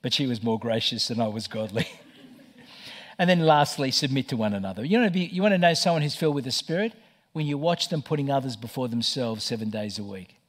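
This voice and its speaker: A middle-aged man preaching a sermon as pastor, telling stories with lively stammered restarts. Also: mid-range voice, quick pace. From Australia. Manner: animated storytelling with stammered restarts.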